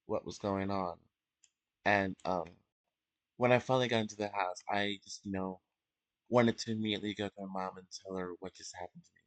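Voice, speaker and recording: A teenage young man giving an unscripted personal confession at home, emotional and halting, with many fillers and restarts. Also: sits low, no echo. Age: teens. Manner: emotional, soft-spoken. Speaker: vlogger.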